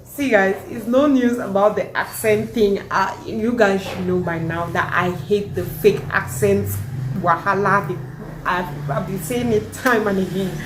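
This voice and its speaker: A woman giving her opinions in a casual reaction vlog, animated and emphatic. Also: medium pitch, a little slow, background noise. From Cameroon. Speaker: vlogger reacting to a video. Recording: echoey room.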